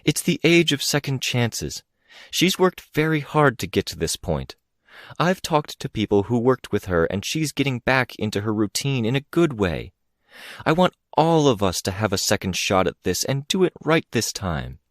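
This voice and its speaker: A man's voice: medium pitch, sing-song, moderate pace, no echo, voice pushed up, lightly acted. Audiobook: male reader doing a composed, insistent mother, lifted voice, clean dry read. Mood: pleading. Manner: earnest, coaxing, insistent. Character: composed, pleading middle-aged mother. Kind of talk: audiobook character reading.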